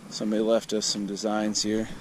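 This man's voice is on the low side and monotone, moving a little fast as he films himself kayak fishing. Talking casually to camera on a river by a sandbar, the fishing vlogger is laid-back, rambling, and self-deprecating, with noticeable river noise, water, and outdoor ambience in the recording.

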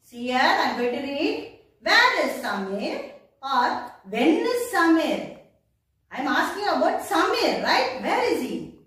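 An Indian woman teacher with a very high voice that swings up and down as she talks children through an English lesson. She goes slowly and spells words out letter by letter. She sounds set back from the mic in a strongly echoing room. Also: big pitch swings, fairly bright tone. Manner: slow, sing-song teacher talk, spelling words out letter by letter. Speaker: primary school English teacher. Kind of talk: recorded online class. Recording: echoey room, voice from a distance.

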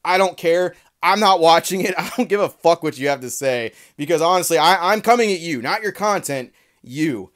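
A man's voice: fairly high pitch, lively intonation, normal speed, fairly bright tone. A man delivering a heated, profane, sarcastic commentary rant in a vlog. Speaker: trading card commentary creator.

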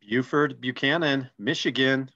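A man co-hosting a casual online call, reading names in a relaxed, friendly, joking way. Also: mid-range voice, measured pace, lo-fi sound. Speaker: co-host.

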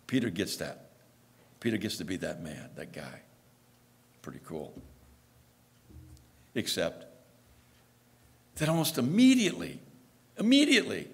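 A man preaching in a church, telling the story conversationally and playing out the quoted voices. His voice has a gravelly edge and swings widely in pitch, rising and dropping as he talks. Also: fairly bright tone, big-room sound. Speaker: pastor. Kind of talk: sermon.

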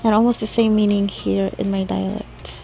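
A Filipino woman vlogging as she learns new words, slowly thinking aloud and sounding them out. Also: medium pitch, flat delivery, gravelly, warm tone, muffled recording, slight background noise. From Philippines. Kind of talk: casual language-learning vlog.

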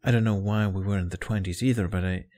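A man voicing a teenage boy who is dazed and wistful, speaking softly and hesitantly in a fan fiction reading. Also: fairly low pitch, steady tone, quick pace, natural voice. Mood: wondering. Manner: soft, hesitant speech.

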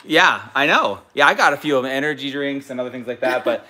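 A chatty man in his thirties with a Utah accent hosts a family game night livestream. He keeps the energy upbeat, and his voice sits at an ordinary middle pitch. Viewer shout-outs come in between his rounds of the game. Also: lively intonation, quick pace. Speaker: family channel host. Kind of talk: casual family livestream chat.

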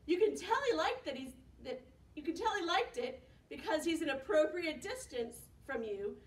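A young woman leading a preschool storytime as a children's librarian, with lively gasps, whispers and sing-along songs. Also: high voice, moderate pace. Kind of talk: preschool storytime reading and singing. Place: library room. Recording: echoey room, mic at a distance.

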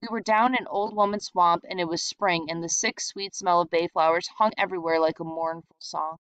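A woman reading a short story aloud in a steady, reflective storytelling manner. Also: on the low side, moderate pace, smooth, dry recording. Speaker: reader. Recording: dull lo-fi sound.

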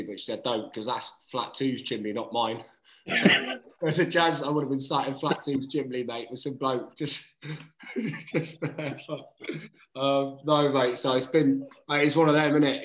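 Chatty man in a roomy room. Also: medium pitch. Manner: chatty, says "mate" often, lively retelling. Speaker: guest rugby player. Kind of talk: casual storytelling chat.

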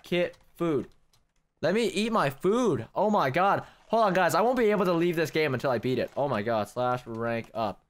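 Excitable young man narrating gameplay. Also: on the high side. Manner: excitable, quick to rage, addresses viewers as guys. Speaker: gaming channel host. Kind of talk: casual gameplay commentary. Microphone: desk microphone.

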